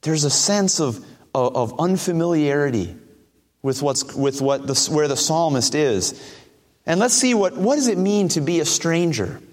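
A man preaching a sermon, asking earnest rhetorical questions and reading scripture slowly. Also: on the high side, animated, long reverb tail.

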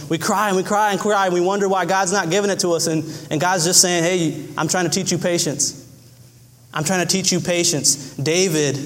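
A man preaching a sermon in an earnest way, often repeating his phrases. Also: in a large hall. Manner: earnest, repeats phrases, acts out cries in a high voice.

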